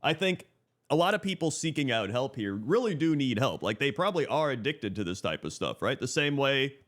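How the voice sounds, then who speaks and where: Man, mid-pitched, easygoing reaction host who thinks aloud and keeps asking "right?". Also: fairly bright tone. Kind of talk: casual reaction commentary.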